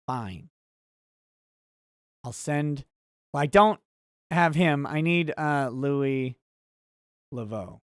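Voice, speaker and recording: A man with a slightly high voice hosts a laid-back livestream, reading chat messages and musing on them as he goes. He rambles, gets sidetracked, and drops wry asides. The sound is close and dry. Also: lively intonation, drawn-out words, long pauses, smooth, no echo.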